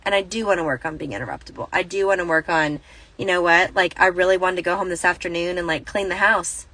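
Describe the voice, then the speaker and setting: Thirty-something woman vlogging from her car, bright voice, dry sound, keeps backing up and restarting. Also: on the low side, fast talker, no room sound, rough recording. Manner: rambling, self-correcting, laughs through the story. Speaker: Christian vlogger. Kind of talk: casual storytelling vlog. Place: inside a parked car.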